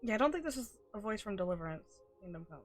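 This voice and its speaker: A woman streaming a game live, reacting excitably with swearing, shouts and laughs. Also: mid-range voice, fast, faint music behind.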